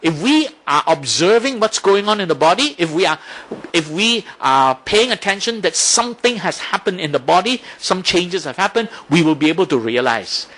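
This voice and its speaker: A man's voice: sits high, very animated, normal speed, a bit bright. A man giving a Buddhist dharma talk, explaining step by step and often checking in with "right?". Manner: explanatory, asks rhetorical questions, frequent "right?". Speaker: Buddhist teacher.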